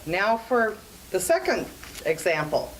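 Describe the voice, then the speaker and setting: A woman doing a calm, joking dad. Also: medium pitch, slow pace, a little hiss or hum, pitched below the performer's own voice, rough recording. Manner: calm, explaining. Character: patient joking father explaining to daughter.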